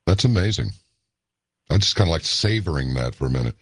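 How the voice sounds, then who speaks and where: Radio host guy, super deep raspy voice, quick reactions to his guest. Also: big pitch swings. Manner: short encouraging reactions and questions. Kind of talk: late-night radio interview.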